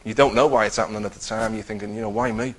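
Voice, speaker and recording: Guy telling his testimony, low flat voice with lots of gravel, keeps acting out what people said. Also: rapid-fire, poor audio. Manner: conversational, acts out his own quotes, many restarts. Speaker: person giving a faith testimony. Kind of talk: personal testimony storytelling.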